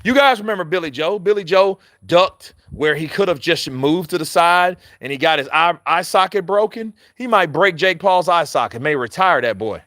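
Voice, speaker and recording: A male boxing commentator chatting casually, animated and profane, laughing often and addressing his viewers directly. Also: a little high, normal speed, few pauses, dry recording, clean studio sound. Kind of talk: casual chat.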